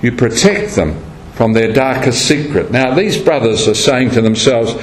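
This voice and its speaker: A man's voice: medium pitch, lively intonation, moderate pace, slight background noise. A man preaching a sermon and closing with a prayer, acting out the quoted speech as he tells the story. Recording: echoey room, faint ambience.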